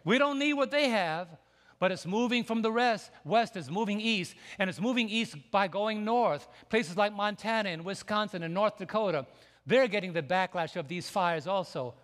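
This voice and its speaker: A man preaching a sermon as pastor, emphatic and building to near shouts. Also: high voice, moderate pace. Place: church sanctuary. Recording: long church hall reverb.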